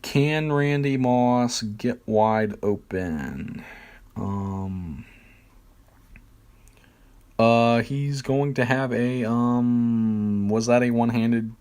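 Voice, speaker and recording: Casting: male game streamer, unhurried, full of ums and self-mockery, mid-pitched. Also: a little mellow, clear, resonant tone. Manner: rambling, hesitant, many fillers, self-deprecating. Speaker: streamer playing a football video game. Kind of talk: casual gameplay commentary.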